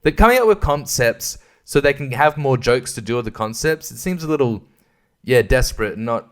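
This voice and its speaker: A man's voice: medium pitch, lively intonation, brisk, fairly bright tone. An Australian man hosting a solo podcast, rambling casually with lots of swearing and stumbling restarts. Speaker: podcast host.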